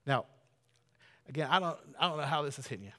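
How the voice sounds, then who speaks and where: A man's voice: on the high side, expressive, quick pace. Earnest man preaching in a hall. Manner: conversational, earnest, builds to loud emphatic peaks. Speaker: pastor. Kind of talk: sermon.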